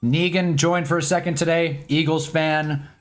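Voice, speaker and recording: A man's voice: fairly high pitch, steady tone, normal speed, faint music behind. A man hosting a casual live sports stream at his own desk mic, loose and chatty, swearing now and then and talking to his chat.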